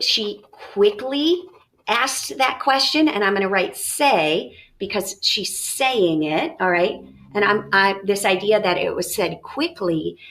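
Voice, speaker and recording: A woman teacher walks through a recorded lesson, explaining each step and thinking aloud with questions. Her voice is bright and clear. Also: medium pitch.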